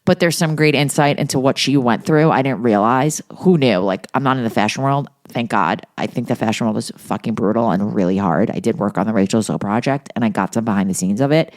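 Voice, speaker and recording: With a bass voice, she talks fairly quickly and hardly pauses at all. This middle-aged woman co-hosts a podcast, animatedly sharing gossip and profane stories in casual talk.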